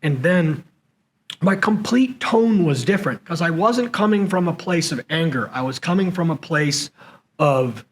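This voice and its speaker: Speaking a little slowly in a fairly high voice, a podcast guest who once led SEALs recounts military leadership stories in an easygoing interview at a conference venue. He's animated and mimics the people he quotes, though the recording quality is rough.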